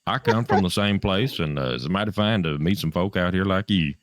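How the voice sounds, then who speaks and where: A man's voice: deep voice, animated, fairly quick, no echo, clean studio sound. A man voicing a folksy space traveler with a put-on Arkansas accent, hammy and mock-friendly.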